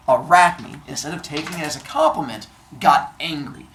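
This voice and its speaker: A male teacher telling a myth to his class in a classroom, animated and jokey, acting out voices as he goes. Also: on the high side, normal speed, few pauses, a little hiss or hum. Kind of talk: storytelling to a class.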